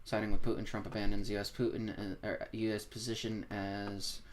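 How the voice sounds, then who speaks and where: A woman's voice: a bass voice, little pitch movement, a little fast, slight background noise. Muttering, swearing woman streamer. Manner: muttering, swearing, thinking aloud. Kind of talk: casual live-stream commentary.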